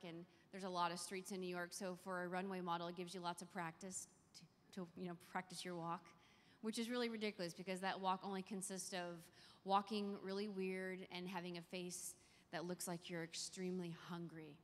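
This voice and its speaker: A young woman gives an earnest faith talk to young people, telling her own story with lively energy. Her voice sits at an ordinary middle pitch, and a long reverb trails each phrase through the big hall. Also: brisk. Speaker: conference speaker. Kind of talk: faith talk to a youth audience. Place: large conference hall.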